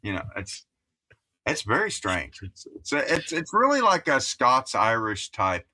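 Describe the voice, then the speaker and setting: This man's mid-range voice takes huge pitch swings, with an unhurried pace and a sharp tone. He is a musician in his fifties from Appalachia, USA, chatting casually as an interview guest in careful broadcast English, digressive and talkative, with many restarts and "you know"s.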